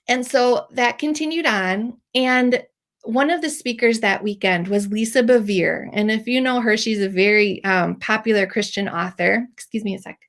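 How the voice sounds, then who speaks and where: A woman's voice: fairly high pitch, moderate pace. Emotional woman sharing a faith story. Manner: emotional, teary at times, rambling with fillers. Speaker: podcast host telling her story. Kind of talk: personal testimony.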